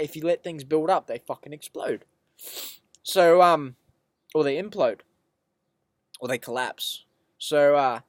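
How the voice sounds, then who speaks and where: A man's voice: fairly high pitch, no room sound. Rambling, foul-mouthed man, dry close sound. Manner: rambling, profane, emphatic. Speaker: vlogger. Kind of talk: casual monologue reading and discussing quotes.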